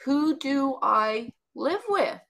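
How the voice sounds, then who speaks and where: Chatty woman with a gravelly voice. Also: high voice, expressive, very slow, fairly bright tone, poor audio. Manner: chatty, rambling, many asides. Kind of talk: personal storytelling in conversation.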